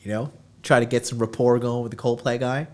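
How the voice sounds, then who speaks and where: A man's voice: mid-range voice, flat delivery, a little fast, darkish tone. A male podcast host giving dating advice in a brash, profane rant, lecturing his listeners.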